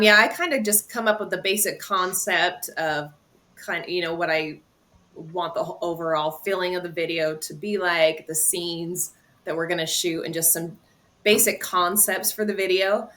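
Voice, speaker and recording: Bright-voiced woman, relaxed band guest. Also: on the low side. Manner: relaxed, halting, full of fillers. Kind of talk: casual interview chat.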